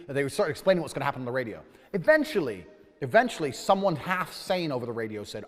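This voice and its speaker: A man's voice: mid-range voice, very animated, racing, big-room sound. A man telling a heated, profane anecdote, ranting in exasperation. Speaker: storyteller. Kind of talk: animated anecdote.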